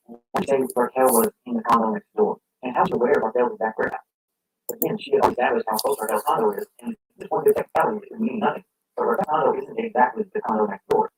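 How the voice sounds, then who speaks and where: Guy reading out a commentary script, kinda high voice with a gravelly edge, lots of rhetorical questions. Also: darkish tone, slight background noise, poor audio. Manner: argumentative, poses rhetorical questions. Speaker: commentary narrator.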